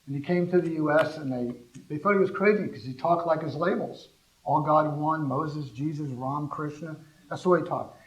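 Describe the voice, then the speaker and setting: A man's voice: a little high, moderate pace, lo-fi sound. Older man telling rambling stories. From California. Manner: rambling, animated anecdotes, asks the audience questions. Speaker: speaker giving a talk. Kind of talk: storytelling talk to a small audience.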